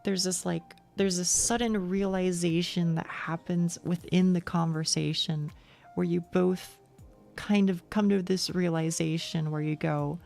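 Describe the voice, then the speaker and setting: A young woman live-streaming, rambling through her thoughts with restarts and casual swearing. Her voice sits low and carries a steady gravelly fry, with faint music playing underneath. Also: a little slow.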